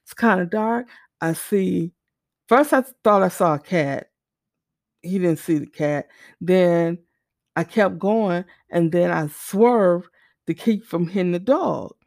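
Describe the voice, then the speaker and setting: A middle-aged woman telling a personal testimony story, animated, acting out the dialogue as she goes. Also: lowish voice, takes it slowly, no echo, studio quality.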